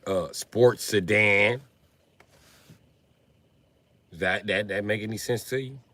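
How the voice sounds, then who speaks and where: On a casual livestream, the male host speaks in a lowish voice at normal speed, heard in a dry recording. His delivery is animated, heavy on profanity and jokes, and he laughs at his own gags.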